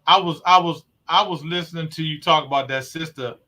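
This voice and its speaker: A man's voice: fairly high pitch, brisk, bright, forceful tone. A man who runs a recovery program, hosting a talk show and explaining his work earnestly. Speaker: host, recovery program owner. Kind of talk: conversational talk show discussion.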